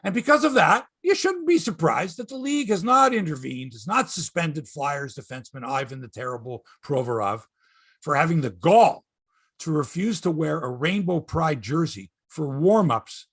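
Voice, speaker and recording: A man's voice: fairly high pitch, very animated, moderate pace, fairly bright tone, breathy edge, dry recording, clean studio sound. A man from Canada hosting a casual sports chat, profane and ranting, often repeating himself. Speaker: sports show host.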